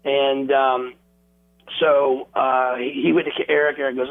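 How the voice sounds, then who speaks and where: Guy telling stories over a tinny phone line, gravelly, acts out every crowd noise. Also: mid-range voice, a little fast. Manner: animated storyteller, acts out crowd noises and quotes. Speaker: wrestling guest. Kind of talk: casual storytelling interview.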